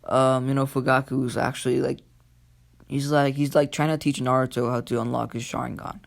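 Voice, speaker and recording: A man casually retelling an anime what-if story, rambling and halting with many fillers. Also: medium pitch, little pitch movement, creaky. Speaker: YouTube storyteller.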